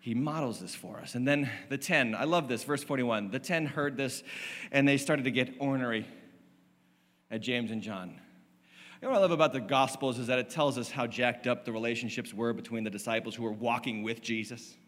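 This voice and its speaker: A man's voice: medium pitch, moderate pace, a bit bright. A male lead pastor preaching a sermon from a church stage, impassioned and emphatic, with lots of repetition. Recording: long reverb of a large hall.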